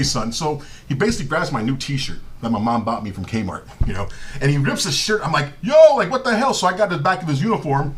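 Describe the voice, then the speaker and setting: A middle-aged man telling comic stories on a live show, animated and profane, often breaking into laughter. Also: fairly high pitch, a little hiss or hum. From Southern California. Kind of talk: casual comedic storytelling. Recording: live stream with faint ambience.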